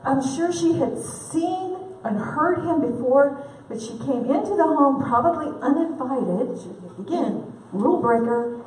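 A woman's voice: high-pitched, animated, unhurried, few pauses, darkish tone, slight background noise. A woman conference speaker giving a humorous faith talk, candid and self-deprecating, laughing often, heard from a distant mic in a large event hall.

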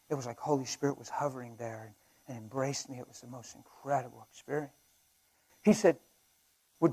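A man preaching at a conference, telling a personal story with passion and swinging between loud and hushed delivery. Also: mid-range voice, poor audio. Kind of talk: sermon with storytelling. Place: conference hall.

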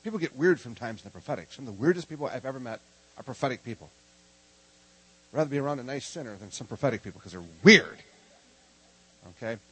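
A middle-aged man from Minnesota preaching a lively, humorous sermon and calling on the congregation to answer back. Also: mid-range voice, fast, pauses often, breathy edge, poor audio. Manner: animated, joking, calls for congregation response. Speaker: preacher teaching a prophetic ministry school.

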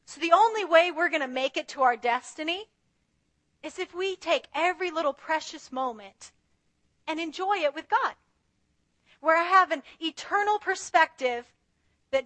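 Woman preacher, high bright voice, dry close sound, earnest and chatty. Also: normal speed, no echo. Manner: earnest, conversational, acts out prayers to God. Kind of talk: sermon.

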